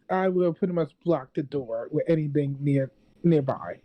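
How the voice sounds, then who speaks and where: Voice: medium pitch, normal speed, dull audio. A player in a tabletop game, talking hesitantly and repeating phrases. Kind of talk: tabletop role-play.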